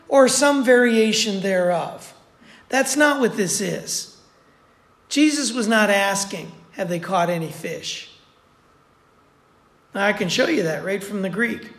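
A preacher delivers a sermon conversationally, repeating points to drive them home. His voice sits in the middle range with a slightly bright edge, and the recording has a roomy echo.

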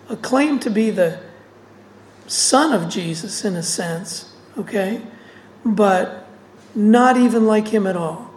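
A woman's voice: medium pitch, animated, slow pace, darkish tone, slight background noise, low-quality recording. A woman teaching through a Bible passage, reading verses aloud and explaining them with casual asides.

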